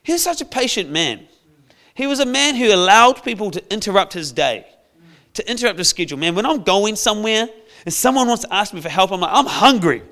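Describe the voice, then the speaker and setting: A man preaching a sermon, telling a Bible story in a playful, lively way. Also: high voice, fairly quick. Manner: storytelling, playful, acts out characters with shouts.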